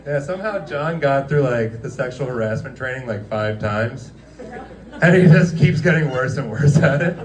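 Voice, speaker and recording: A man's voice: mid-range voice, animated, moderate pace, a crowd in the background. Man doing a loose, foul-mouthed roast in a restaurant room with a roomy echo. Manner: rambling, crude, laughs at his own jokes. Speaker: comedian roasting former coworkers. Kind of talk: stand-up roast.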